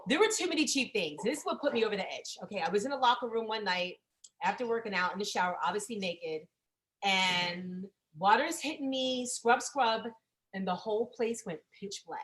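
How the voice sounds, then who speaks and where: A woman in her forties doing a profane, chatty stand-up set that bursts into loud exasperated rants. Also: mid-range voice, lively intonation, a little fast. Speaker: stand-up comedian.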